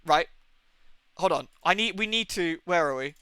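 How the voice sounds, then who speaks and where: Brief: male streamer, high bright voice, dry mic, animated self-mocking chatter. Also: moderate pace, clean tone, no echo. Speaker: game streamer. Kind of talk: live gameplay commentary.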